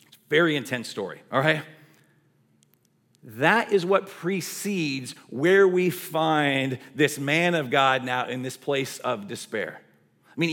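A male pastor preaching a sermon, retelling a story in a lively way with casual asides. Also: mid-range voice.

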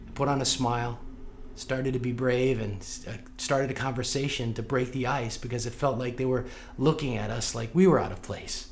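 A pastor from St. Louis, in the United States, preaches a sermon in a medium-pitched voice against slight background noise. He shares a personal story, speaking earnestly and directly to his congregation.

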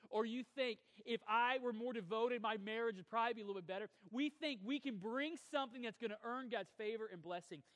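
A male pastor preaching a sermon, swinging between forceful emphasis and quiet, drawn-out lines. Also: high voice. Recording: long hall reverb.

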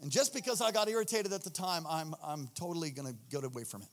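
A man preaching a sermon with fervent passion, a sing-song cadence and swings from loud to hushed. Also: a little high, fast talker. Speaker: pastor. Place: church sanctuary. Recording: long reverb of a large hall.

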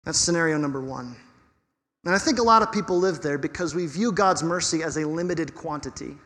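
A pastor preaching a sermon in an animated, conversational way with touches of humor. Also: male voice, on the high side, fairly quick, long reverb tail.

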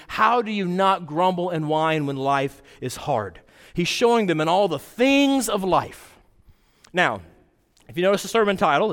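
A man preaching a sermon as pastor, in a conversational, animated style with casual asides. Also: on the high side. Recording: long hall reverb.

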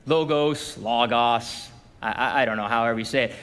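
A man's voice: medium pitch, steady tone, racing, bright, forceful tone. A man preaching a sermon as pastor, talking conversationally and acting out what God and others say. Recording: long hall reverb.

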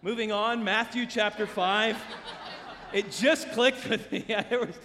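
A male pastor preaching a sermon, telling stories animatedly with big swings from loud to hushed. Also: high voice, fairly even intonation, unhurried, slight background noise. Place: church sanctuary. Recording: long church hall reverb.

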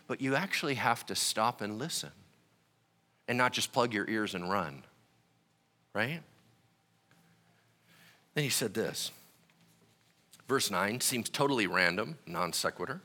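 Bright animated preaching man. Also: fairly low pitch, moderate pace, pauses often. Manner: acts out voices in quoted asides; rhetorical "right?" checks with listeners. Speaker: pastor. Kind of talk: conversational sermon.

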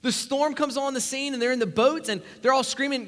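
A man preaching a sermon, emphatic, swinging from loud rising lines to quiet low asides. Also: quick pace, hardly any pauses, long reverb tail.

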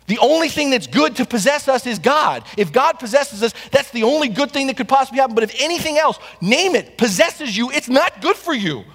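A man delivers a Sunday sermon from the pulpit in a notably high voice. He leans on repetition and rhetorical questions to press his points. The sound carries the long reverb of a church sanctuary. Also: lively intonation, fairly quick, hardly any pauses, fairly bright tone. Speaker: pastor.

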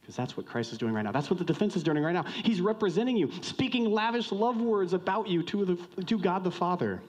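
A man preaching a sermon in a conversational, joking way, swinging from loud outbursts to hushed lines and questioning the congregation directly. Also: high voice, expressive, brisk. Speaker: pastor.

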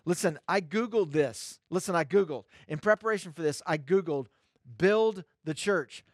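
Pastor guy preaching, high voice, repeats stuff for emphasis, dry close mic. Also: fairly quick, no room sound. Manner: emphatic, repeats phrases for stress. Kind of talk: sermon.

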